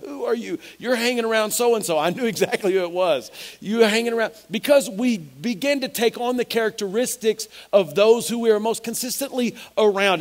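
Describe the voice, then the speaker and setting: A middle-aged man preaching a sermon as pastor, emphatic and repetitive, with stammered restarts. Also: high voice.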